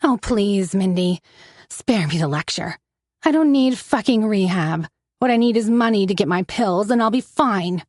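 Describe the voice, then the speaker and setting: A woman's voice: mid-range voice, lively intonation, moderate pace, darkish tone, dry recording, clean studio sound, natural voice. A woman voicing a desperate, bitter young woman who craves pills, pleading and accusatory in turn.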